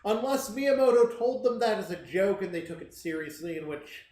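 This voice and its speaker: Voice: mid-range voice, animated, normal speed, dark tone. Rambling co-host in an echoey room. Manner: rambling, full of uh and um fillers. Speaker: stream co-host. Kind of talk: casual movie discussion.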